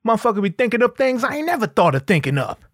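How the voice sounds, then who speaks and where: A man voicing an excited young male audience member who talks in loud, amazed street slang. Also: high-pitched, very fast, dry recording, clean studio sound, pitched above the performer's own voice.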